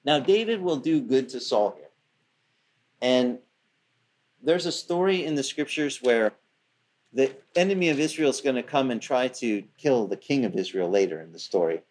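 A man's voice: medium pitch, expressive, normal speed, darkish tone. A man preaching, retelling a scripture story in a loose, conversational way. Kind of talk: sermon.

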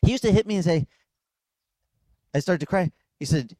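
A male pastor giving a conversational, animated sermon and acting out dialogues. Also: high voice, moderate pace, long pauses, no room sound. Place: beach church service, outdoors.

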